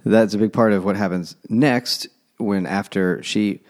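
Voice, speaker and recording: A man's voice: fairly low pitch, measured pace. A man co-hosting a book podcast, chatting loosely and swearing freely. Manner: laid-back, swears freely. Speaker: podcast co-host. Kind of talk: casual chat about a book.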